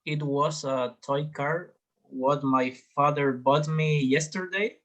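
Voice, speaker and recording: Slow, hesitant male student. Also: fairly high pitch, steady tone, fairly bright tone. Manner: answers hesitantly with fillers.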